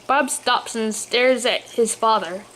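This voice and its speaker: Woman, storybook narration, fairly high voice, reading aloud with small slips. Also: takes it slowly, fairly bright tone, a little hiss or hum. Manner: reads aloud, occasional slips. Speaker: story reader.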